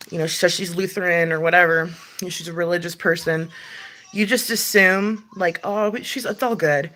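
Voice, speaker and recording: A woman's voice: lowish voice, fairly bright tone. A young adult woman hosting a casual livestream chat from home, rambling and swearing with frequent laughs. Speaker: livestream host.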